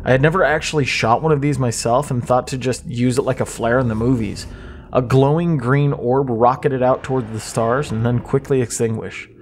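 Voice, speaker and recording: A man narrating a horror story in a measured, suspenseful way. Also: mid-range voice, fairly even intonation, a little hiss or hum. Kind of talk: scripted creepypasta narration.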